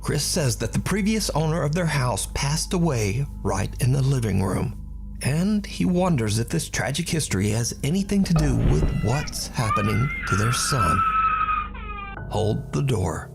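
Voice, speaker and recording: A man narrates a scripted story with suspense, his pitch rising and falling widely as he builds tension. Loud music runs under his voice throughout. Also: big pitch swings, a little slow, creaky.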